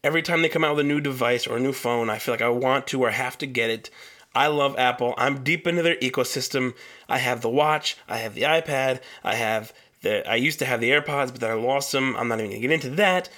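A man's voice: medium pitch, fast talker, sharp tone. A young man hosting a solo podcast, telling a long story in a heated, profane rant. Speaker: podcast host.

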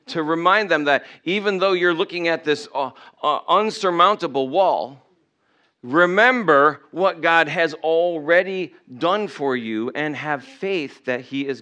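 A pastor delivers a sermon, retelling scripture in a storyteller's manner and slipping into the voices of the people he describes. His tone is bright and forward, his voice smooth and crisp. He sits a little higher than most men. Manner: animated storytelling, acts out voices.

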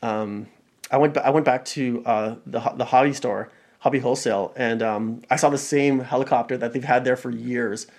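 A man in casual chat who talks in quick bursts with many restarts and swearing. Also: mid-range voice, fairly even intonation, a little mellow. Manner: fast, halting restarts, profane.

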